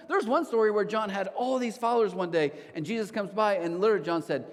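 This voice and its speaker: A man preaching a sermon as a pastor, telling a story casually with lively asides. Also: high voice, quick pace, few pauses. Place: church auditorium. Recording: long hall reverb of a church auditorium.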